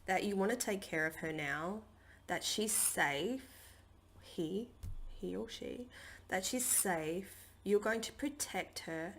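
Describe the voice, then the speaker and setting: A woman's voice: mid-range voice, vocal fry, fairly bright tone. A woman giving a casual spiritual healing talk from her dining table at home, chatty and rambling with lots of fillers. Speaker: spiritual healer and channelling teacher.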